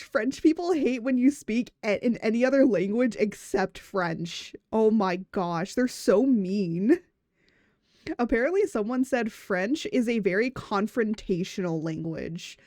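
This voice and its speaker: A woman streamer chatting casually from a room at home, giggly and rambling, often tripping over her own words. Her voice sits at an ordinary pitch. The sound is dry and close, with little room in it. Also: a little slow, a little mellow, no room sound. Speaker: VTuber streamer.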